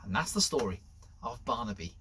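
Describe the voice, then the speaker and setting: A man presenting a school assembly, telling a story to children in an animated way that drops to whispers. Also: mid-range voice, brisk, husky.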